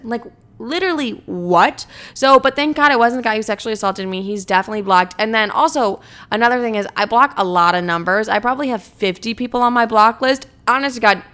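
A woman's voice: medium pitch, a bit bright. A young woman, telling a story in a casual, profane monologue full of "like" fillers. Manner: chatty, profane, frequent "like" fillers. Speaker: podcast host.

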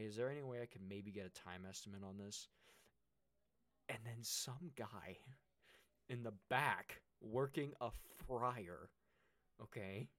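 Low-voiced young man telling a story. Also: dry recording. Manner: rambling storytelling with many restarts, animated when excited. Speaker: co-host. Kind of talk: casual chat.

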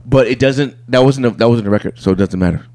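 A young man co-hosting a podcast, chatting excitedly about sports and talking in quick bursts. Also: mid-range voice, dry recording. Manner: excited, fast bursts, talks over his partner. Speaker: podcast co-host. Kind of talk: casual sports chat.

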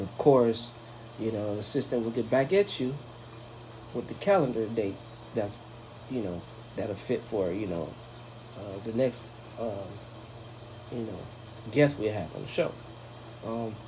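A woman's voice: extremely low pitch, dark tone, a little hiss or hum, low-quality recording. A woman hosting a podcast, talking in loose, joking, profane banter. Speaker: podcast host. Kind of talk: casual chat.

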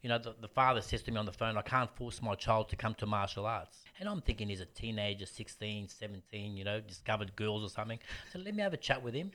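A man's voice: on the low side, fast, few pauses. Blunt aussie guy in his 50s, martial arts teacher, chatting casually. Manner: animated storyteller, blunt. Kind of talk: casual interview chat.

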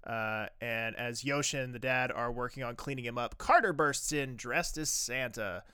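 A man co-hosting a casual podcast, recapping a TV episode with wry, animated commentary. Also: medium pitch, normal speed, smooth, dry recording, studio quality. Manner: animated, wry, swings from loud outbursts to muttered asides. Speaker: podcast co-host.

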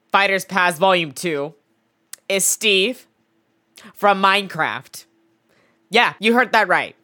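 A woman's voice: mid-range voice, sharp tone. A woman hosting a gaming podcast, giggly and flustered as she struggles to keep a straight face and keeps apologizing. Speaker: podcast host.

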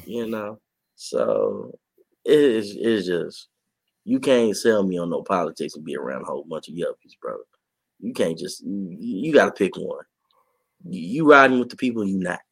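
A man co-hosting a podcast and reporting on sports, talking in a casual, animated way and laughing often. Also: sits low, moderate pace, vocal fry, slightly rough, dry recording. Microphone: podcast mic.

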